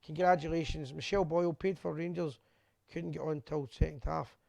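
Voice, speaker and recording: Gravelly Scottish man hosting a live stream. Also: fairly high pitch, steady tone, a little fast, no room sound. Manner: chatty, rambling, shouts out viewers by name. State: a bit drunk. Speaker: host of a fan live show. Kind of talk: casual live-stream chat, reading out viewer messages.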